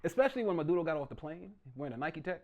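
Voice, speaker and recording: A man performs stand-up comedy in a small, intimate room. His voice sits high and swings widely in pitch. He talks loudly and keeps dropping into mock voices for the people in his jokes. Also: very animated, racing, dull audio.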